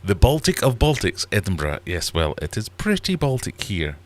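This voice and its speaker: A man's voice: on the low side, wildly swooping pitch, moderate pace. A middle-aged man hosting a casual livestream chat from his fish room, rambling and self-deprecating. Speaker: livestream host. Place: small warm fish room at home.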